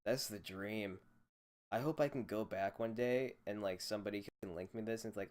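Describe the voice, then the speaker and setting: A young man rants alone into a desk microphone, swearing freely and wandering from point to point. His voice sits a little low, and his sarcasm runs through the whole monologue. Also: moderate pace, darkish tone. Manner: profane, rambling, sarcastic. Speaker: podcast host. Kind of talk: solo rant podcast.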